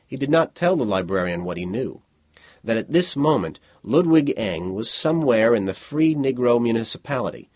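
Husky male audiobook narrator. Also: lowish voice, no room sound. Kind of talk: scripted narration.

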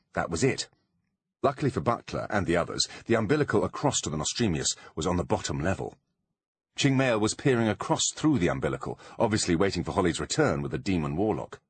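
A man narrating a storybook audiobook in an animated, dramatic reading. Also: low voice, slightly rough.

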